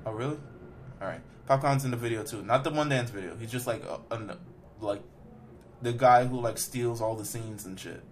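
A man's voice: medium pitch, moderate pace, slight background noise. A young man on a podcast rambling through a film recap with lots of fillers and profanity. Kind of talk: casual chat, recapping a film.

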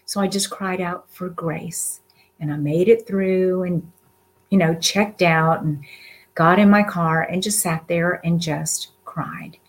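This guest speaker has a fairly low, steady voice and takes her time. Addressing an audience, she comes across as sincere and encouraging, keeping things casual and warm while letting out gentle laughs.

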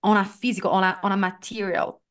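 A woman's voice: medium pitch, fairly even intonation, quick pace. A woman hosting an interview, talking with enthusiasm in a loose, rambling way full of fillers. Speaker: podcast host. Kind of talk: casual interview chat.

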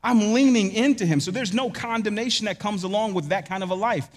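A man's voice: high-pitched, fairly quick, in a large hall. A man preaching a sermon as pastor, asking rhetorical questions and answering them with emphasis.

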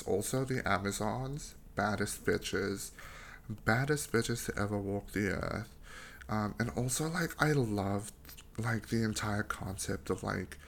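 Slow, gravelly young man gushing casually. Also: on the low side, a little hiss or hum. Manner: gushing and slangy, heavy on fillers and swearing. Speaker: podcast host reviewing books. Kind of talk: casual solo podcast review.

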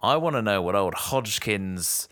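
Low-voiced man thinking aloud, halting. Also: lively intonation, a bit bright, dry recording, clean studio sound. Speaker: podcast co-host guessing a film's plot. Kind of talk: casual chat.

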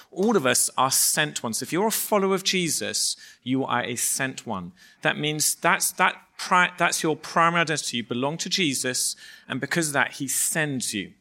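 A man's voice: medium pitch, bright, forceful tone. A man, preaching a sermon in a conversational, storytelling way with touches of humour. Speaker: pastor.

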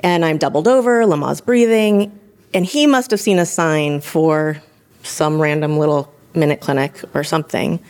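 A woman in her thirties, an emergency room provider, telling her own story in an interview, lively and animated. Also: deep voice, normal speed. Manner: lively, animated retelling with laughs and acted-out quotes. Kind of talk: personal story told in interview.

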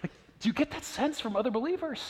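Male pastor, 30s-40s, high voice; casual, story-driven sermon full of questions; recorded in a big reverberant sanctuary. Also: expressive, fast, slight background noise. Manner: conversational storytelling with rhetorical questions. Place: church sanctuary. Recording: long reverb of a large church hall.

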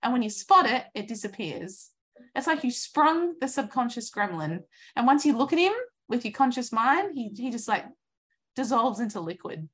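A woman in her thirties giving an earnest, encouraging coaching talk, acting out inner thoughts in lively voices. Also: fairly high pitch, normal speed, husky. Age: 30s.

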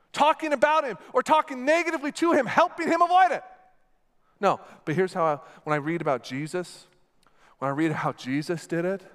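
A man preaching a sermon in a church, talking in an animated, conversational way while he acts out a scene with a volunteer on stage. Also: sits high. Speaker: pastor. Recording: long hall reverb with faint music.

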